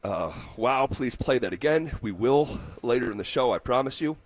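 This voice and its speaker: A male sports talk radio host speaking into a studio microphone, with a middle-pitched voice. He chats easily and reads listener messages in a heartfelt tone, with plenty of "uh"s and "um"s along the way. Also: lively intonation, moderate pace. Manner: heartfelt, reads listener texts aloud with fillers.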